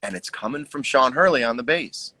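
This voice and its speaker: A man's voice: medium pitch, animated, a little fast, bright, forceful tone, breathy edge, rough recording. A middle-aged American musician talking casually about his record on a livestream, reflective and joking. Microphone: video call.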